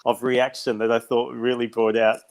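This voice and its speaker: A man's voice: mid-range voice, little pitch movement, moderate pace, vocal fry. A man speaking English as a panel guest, with a playful, laughing manner. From Romania. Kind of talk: casual chat.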